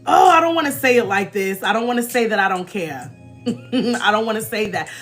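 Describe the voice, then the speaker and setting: A woman's voice: mid-range voice, a little fast, soft background music. A woman hosting a live stream in casual, bubbly chat. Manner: bubbly, laughs often, animated.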